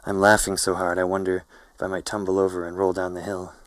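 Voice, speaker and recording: Guy reading his novel out loud, low flat voice, dry close sound. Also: dry recording, rough recording. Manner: slow, hazy and poetic. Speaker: narrator. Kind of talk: literary first-person narration.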